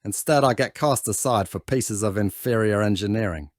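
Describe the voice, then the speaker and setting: A proud, self-pitying sniper rifle, played by a man speaks in a measured, haughty tone. The voice is dry and close to the mic. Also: fairly low pitch, no echo, lightly acted.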